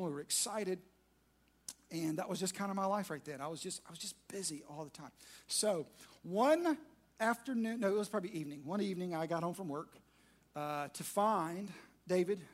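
A man, preaching a sermon to a large room through a self-mocking personal story. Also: high-pitched. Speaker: pastor.

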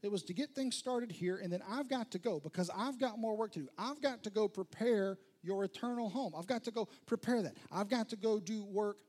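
Sermon retelling: preacher doing Jesus, gentle and reassuring, casual modern phrasing, soft and husky. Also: male voice, high voice, fairly quick, hardly any pauses, pitched above the performer's own voice. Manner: soothing, casual modern paraphrase, drops to whispers. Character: Jesus calming his panicked disciples, gentle grown man.

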